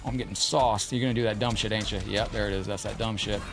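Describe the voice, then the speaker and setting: A man's voice: fairly low pitch, steady tone, quick pace, music in the background. A man streaming a fighting game live, commenting on the match and chatting casually with viewers in the chat.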